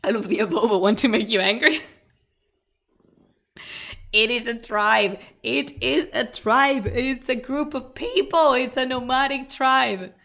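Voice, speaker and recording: A woman's voice: a little high, measured pace, gravelly, fairly bright tone. Chatty woman streamer. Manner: chatty and laughing, with frequent restarts and fillers. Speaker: streamer, history channel host. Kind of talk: casual live-stream chat to viewers.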